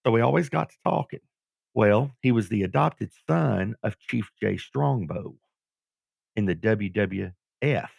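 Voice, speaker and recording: A middle-aged man from Georgia, a guest telling his life story in an animated way, acting out what people said. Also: on the low side, unhurried, vocal fry, husky, dry recording, clean studio sound. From Georgia, USA. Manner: animated storyteller who acts out quoted voices. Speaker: guest, former pro wrestler. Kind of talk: storytelling interview.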